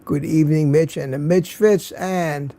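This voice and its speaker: A man's voice: fairly high pitch, steady tone, a little slow, warm tone. Tired older man hosting a live stream. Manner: greets viewers by name, chuckling often. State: tired, slightly slurring. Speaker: livestream host. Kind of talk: casual live-stream chat.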